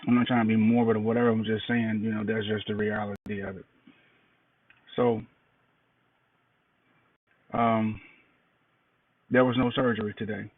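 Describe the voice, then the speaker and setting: A tired middle-aged man giving a plain-spoken, halting update in a casual video diary. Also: level tone. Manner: low-key, plain-spoken, halting with fillers. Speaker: cancer patient sharing an update. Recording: distant, phone-like, noisy recording.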